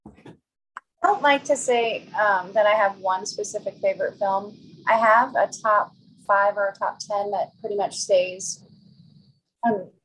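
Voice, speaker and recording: A woman with a mid-range voice chats as a podcast guest. She pauses often with ums while building her points. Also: medium pitch, slight background noise, rough recording. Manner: chatty, hesitant with ums. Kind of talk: casual chat.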